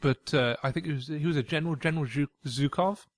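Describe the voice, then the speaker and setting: A man's voice: a little high, fast, no room sound. A man co-hosting a casual podcast chat, wry and fond of history tangents. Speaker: podcast co-host.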